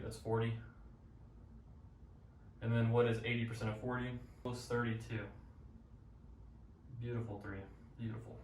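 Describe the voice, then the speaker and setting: A young man casually explaining a business funnel at a whiteboard, upbeat and slangy. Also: mid-range voice. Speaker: business coach. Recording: roomy, from a distance, faint noise.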